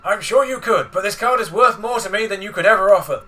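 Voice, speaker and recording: A man's voice: high voice, quick pace, bright, forceful tone, soft background music, pitched above the performer's own voice. A man doing a proud old grandpa shopkeeper. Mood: firm. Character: kindly old grandfather game-shop owner.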